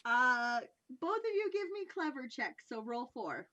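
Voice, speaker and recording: A woman running a tabletop game as game master, narrating haltingly with many fillers. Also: high-pitched, sing-song, sharp tone.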